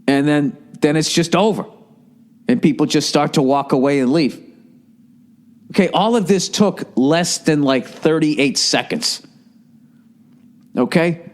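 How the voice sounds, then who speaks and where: A man hosting a podcast, telling a long, profane anecdote in a casual monologue and mimicking people as he goes. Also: mid-range voice. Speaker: podcast host.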